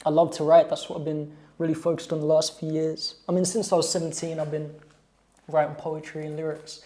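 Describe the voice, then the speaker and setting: A man talks as a guest in a casual interview. His delivery is relaxed and slangy, full of easygoing asides. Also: on the high side, a little fast. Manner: relaxed, slangy, often says "you know what I mean". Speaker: guest, actor and musician. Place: indoors, seated at a table decorating biscuits.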